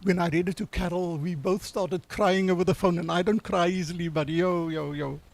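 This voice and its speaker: An older man, hoarse from years of choir singing, giving an earnest, halting eulogy for his granddaughter at a memorial service. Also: high-pitched, steady tone.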